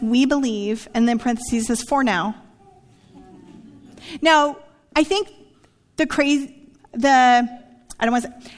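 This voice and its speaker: High-voiced woman preaching in a hall. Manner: conversational preaching, frequent "right?" asides. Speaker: pastor. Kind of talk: sermon.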